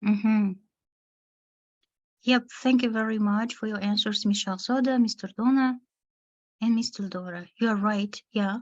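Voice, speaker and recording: A woman teacher trainer giving an online lesson to teachers, speaking slowly and deliberately, pausing between words to show where the stress falls. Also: medium pitch, fairly even intonation, darkish tone, muffled recording.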